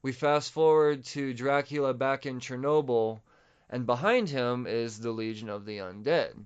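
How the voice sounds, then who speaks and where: A man's voice: medium pitch, a little slow, clear, resonant tone. Male podcaster, casual profane comic recap, clean resonant tone, muffled lo-fi recording. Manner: excited, profane, rambling with restarts. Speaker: podcast host. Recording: dull lo-fi audio.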